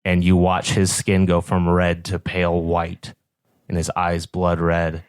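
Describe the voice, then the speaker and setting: A man narrating a tabletop game as game master with slow, descriptive scene-setting. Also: low-pitched, monotone, smooth, no echo, studio quality.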